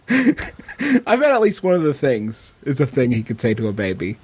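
A man's voice: medium pitch, wildly swooping pitch, moderate pace, darkish tone, breathy edge. A man co-hosting a comedy podcast, joking around and reading out listener questions. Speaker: podcast co-host. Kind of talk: casual comedic banter.

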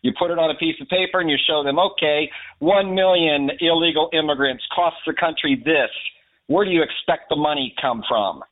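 A man's voice: on the high side, brisk. A man leaving a voicemail for a radio show, speaking earnestly and plainly. The sound is thin and phone-like, as from a telephone recording. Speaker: caller.

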